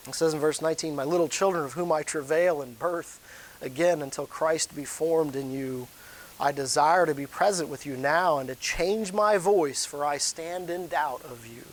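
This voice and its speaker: Lively conversational male preacher. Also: on the high side, moderate pace, rough recording. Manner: lively, conversational preaching with sudden loud rises. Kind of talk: sermon. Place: church sanctuary.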